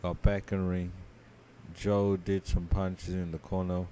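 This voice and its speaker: A sleepy man co-hosting a podcast, giving a drowsy, low-key play-by-play recap full of ums and uhs. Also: flat delivery, a little slow, warm tone, slight background noise. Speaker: podcast co-host. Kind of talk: casual match recap.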